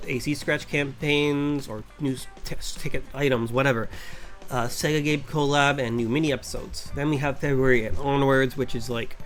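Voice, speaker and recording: A man, a VTuber, rambling without a script about a game update, sounding tired and filling pauses with ums and restarts. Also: mid-range voice. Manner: tired, yawning, many fillers and restarts. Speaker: vtuber commentator. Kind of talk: unscripted rambling commentary.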